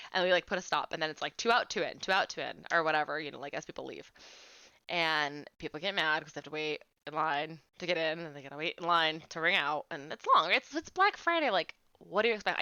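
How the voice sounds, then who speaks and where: Woman in her late 20s, talkative game streamer; low-set, bright, clear voice, dry slightly lo-fi mic. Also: dry recording. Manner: chatty storyteller, fillers of "like". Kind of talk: casual chat while streaming a game.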